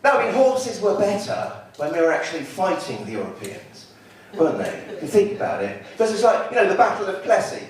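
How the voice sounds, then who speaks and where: A male stand-up comedian with a high, very lively voice tells rambling, wry bits. He is heard from a distant mic in a very echoey club, with loud crowd laughter. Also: fairly quick, few pauses.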